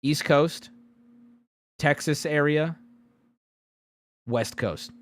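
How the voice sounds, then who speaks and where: A man streaming live, reading out survey results in loud, profane, sarcastic casual commentary. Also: fairly high pitch, extremely slow.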